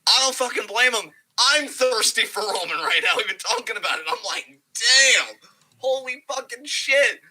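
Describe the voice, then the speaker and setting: Bright-voiced man in animated podcast chat. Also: high-pitched, rough recording. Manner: animated, profane, quick impressions of wrestlers. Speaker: podcast co-host. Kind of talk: casual wrestling podcast chat.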